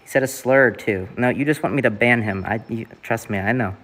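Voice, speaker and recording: A man's voice: mid-range voice, fairly quick, fairly bright tone. A young man from the Southeast US, streaming and chatting casually in a rambling way, with lots of fillers and swearing.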